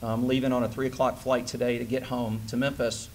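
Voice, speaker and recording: A man in his forties giving a conference keynote, telling a personal story with lively, acted-out dialogue. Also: mid-range voice, fairly quick, a little hiss or hum. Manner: animated storyteller who acts out quoted dialogue. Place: conference hall stage.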